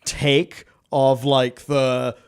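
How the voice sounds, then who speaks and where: A man's voice: mid-range voice, level tone, extremely slow, clean tone. Hesitant man with a mid-range voice. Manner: hesitant, many fillers, jokey asides. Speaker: podcast host. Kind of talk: casual chat.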